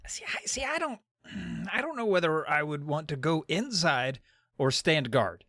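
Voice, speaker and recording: Male co-host: playful, mock-serious banter, somewhat high voice, lively intonation. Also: a little slow, gravelly, dry recording, clean studio sound. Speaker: podcast co-host. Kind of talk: casual comedic banter.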